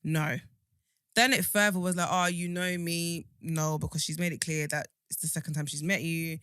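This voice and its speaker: A woman's voice: low-pitched, fairly even intonation, moderate pace, pushed and bright, clear, resonant tone, no room sound, clean studio sound. A woman, co-hosting a podcast in casual chat, talking emphatically with many restarts. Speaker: podcast co-host.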